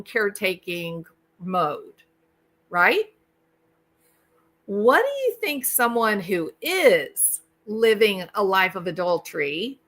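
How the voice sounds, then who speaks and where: A woman delivers a commentary monologue in a bright, forceful voice at an unhurried pace. She keeps asking the listener rhetorical questions. Now and then she acts out imagined dialogue in other voices. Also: medium pitch. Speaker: channel host. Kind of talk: true-crime commentary monologue.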